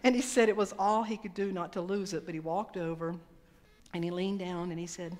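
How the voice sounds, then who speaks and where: A woman minister, preaching a sermon in a chatty storytelling way and slowing down to stress key words. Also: lowish voice. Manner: conversational storytelling, slows down for emphasis. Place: church sanctuary. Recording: long reverb of a church hall.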